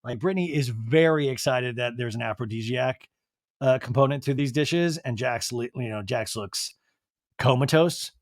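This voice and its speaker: A man hosting a podcast who recaps a reality show in a chatty, animated way and often mimics the people he quotes. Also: mid-range voice, moderate pace, no echo, studio quality. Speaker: podcast host.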